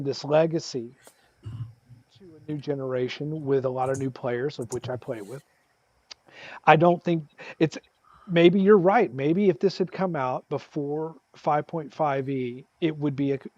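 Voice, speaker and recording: A man's voice: fairly high pitch, darkish tone, dry recording, dull audio. A man on a panel podcast, musing and thinking aloud as he talks. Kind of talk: casual panel chat.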